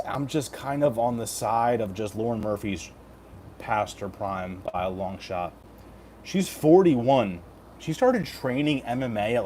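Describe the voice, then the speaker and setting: A man's voice: lowish voice, a little mellow, slight background noise. A man in his thirties streaming casually, joking and swearing as he reads chat aloud and talks over fight picks. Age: 30s.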